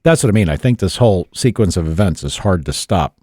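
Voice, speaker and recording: A very low, dark-toned man talks loosely in a dry studio, rambling and cursing freely. He is a podcast host chatting with his co-hosts. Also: expressive, quick pace, dry recording. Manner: rambling, casual, swears freely. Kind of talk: casual studio chat.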